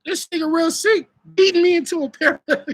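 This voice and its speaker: A young adult man who is a battle rapper, hosting a live stream with casual, profane, animated storytelling. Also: very high-pitched, brisk.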